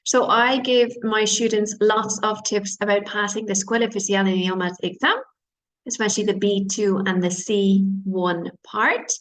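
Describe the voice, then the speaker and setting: A woman English teacher giving an online lesson, explaining slowly, repeating phrases and glossing words. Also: mid-range voice, steady tone, fairly bright tone, low-quality recording. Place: based in Spain.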